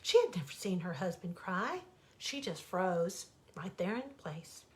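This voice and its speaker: A woman author reading a bedtime fable aloud in an expressive, dramatic storytelling manner. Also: fairly low pitch, unhurried. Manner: expressive, dramatic, warmly animated. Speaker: author reading her own stories.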